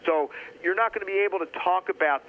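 Man, fairly high voice, bright, opinionated sports talk guest, dull lo-fi radio sound. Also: fast, slight background noise. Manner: opinionated, animated, rambling with restarts. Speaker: guest commentator, university teacher.

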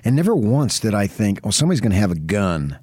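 A man's voice: on the low side, big pitch swings, fast, darkish tone, husky, no room sound. A man co-hosting a sports radio show, talking in a reflective, conversational way. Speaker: radio co-host. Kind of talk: casual radio chat.

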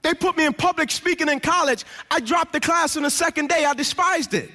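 Very high, bright-voiced man telling his story. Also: brisk. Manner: storytelling with repeated refrains. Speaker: motivational speaker. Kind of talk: inspirational testimony speech.

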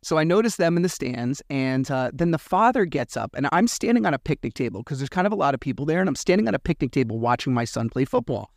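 A man in his thirties with a somewhat high speaking voice tells a personal story to his podcast mic, chatty and loose. He slips into the quoted lines as he goes. The sound is close and dry, with no room around it. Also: fast, vocal fry, few pauses, no echo. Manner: chatty, retells dialogue with animated quoted voices. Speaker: podcast host. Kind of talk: casual storytelling.

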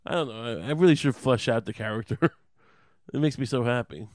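A man's voice: mid-range voice, normal speed, pauses often, darkish tone, no echo. Profane rambling comedic man. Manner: profane, rambling, laughing at his own jokes. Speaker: podcast host. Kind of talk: casual comedic rant.

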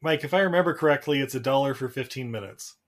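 A man's voice: mid-range voice, fast talker. A man co-hosting a podcast, teasing his guest and laughing often in casual chat. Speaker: podcast co-host.

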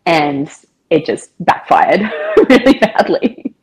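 Woman, husky breathy voice, a bit low-pitched, chatty guest storytelling. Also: huge pitch swings, slow, darkish tone, rough recording. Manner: chatty, with frequent filler words and quoted dialogue. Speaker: podcast guest. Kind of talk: casual storytelling interview.

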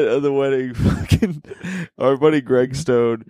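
A man's voice: medium pitch, fairly even intonation, measured pace, dark tone, no echo, studio quality. A man hosting a podcast, rambling loosely through casual chat and swearing often. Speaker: podcast host.

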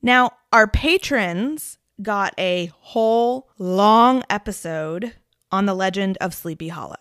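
A woman's voice: mid-range voice, slow, clean tone, no room sound. Chatty woman podcast host, dry sound. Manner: chatty, laughs often, lively retelling. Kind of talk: casual storytelling chat.

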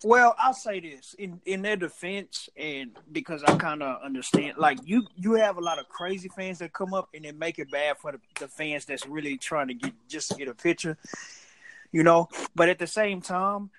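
A man in casual sports chat on a podcast, making his points in a measured way and weighing both sides. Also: on the high side, a bit bright, a little hiss or hum, poor audio.

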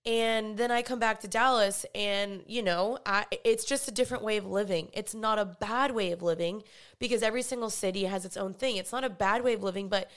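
A young woman chats earnestly to her viewers, her words sprinkled with "like" and "honestly". Her voice is smooth and clear and sits at an ordinary middle pitch for a woman. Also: a little fast, a bit bright. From Texas. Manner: chatty, earnest, full of "like" fillers. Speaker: vlogger. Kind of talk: casual chat to the camera.

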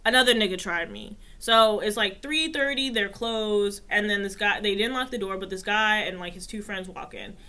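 Bright-voiced woman telling a story. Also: medium pitch, normal speed, hardly any pauses. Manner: animated, profane, swears freely. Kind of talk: casual storytelling chat.

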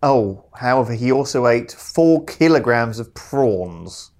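A man's voice: mid-range voice, animated, darkish tone. Wry, teasing man. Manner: wry, teasing, quick to laugh. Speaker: podcast co-host. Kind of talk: casual chat.

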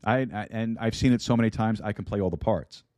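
A man's voice: on the low side, quick pace, a little mellow, no room sound, studio quality. A man preaching a sermon on an online broadcast, repeating himself and asking his audience questions. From United States. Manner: repeats words, asks the audience rhetorical questions. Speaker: pastor. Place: online broadcast with a chat room.

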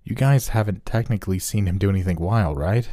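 A man's voice: low-pitched, brisk, dark tone, no echo, clean studio sound, close to an everyday voice. A man doing an easygoing joking cop. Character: easygoing young male patrol officer, joking.

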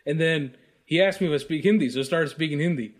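This American podcast co-host is a fast talker with a fairly high pitch, laughing frequently as he tells a lively, swear-filled casual story.

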